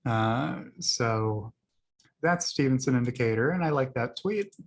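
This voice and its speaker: A man's voice: mid-range voice, expressive, measured pace. A man hosting his own video, casually talking through tweets he liked, rambling with many fillers and laughing at his own jokes. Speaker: video host.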